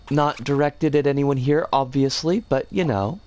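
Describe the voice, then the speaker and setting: At a moderate pace with few pauses, a medium-pitched, slightly mellow voice narrates level-building for a stream. The streamer rambles, reads viewer chat aloud, trips over words, and frequently corrects themselves.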